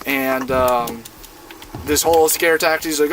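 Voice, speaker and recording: This gaming streamer, a man in his twenties from Iowa, USA, is inside a van streaming a game and telling a laid-back, profane, rambling story with lots of fillers in casual chat. His medium-pitched voice keeps a measured pace and sounds a bit bright, over a little hiss or hum.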